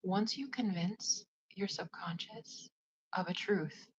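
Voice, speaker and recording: Woman, spiritual advisor type, casual livestream chat; soft near-whisper, meandering, filler-heavy, mid pitch, muffled lo-fi sound. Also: slow, a little hiss or hum. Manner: soft, often half-whispered, drifting delivery; loose, rambling with many "like" fillers. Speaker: psychic medium and spiritual advisor.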